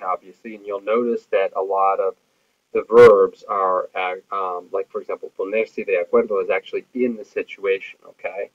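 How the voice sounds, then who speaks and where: A man teaching Spanish grammar in a recorded lecture, explaining patiently with many fillers. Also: on the low side. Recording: tinny phone-like audio.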